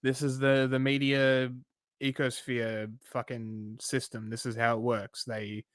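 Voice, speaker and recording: A man's voice: mid-range voice, flat delivery, unhurried, no room sound. A man co-hosting a reaction show, making mocking remarks and laughing often. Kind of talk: casual banter.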